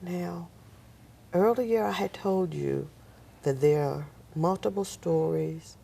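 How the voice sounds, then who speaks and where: A woman's voice: lowish voice, takes it slowly, vocal fry, warm tone. A woman telling her life story as a guest on a talk show, bringing in the voices of the people in her account. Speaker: nurse. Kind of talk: personal storytelling.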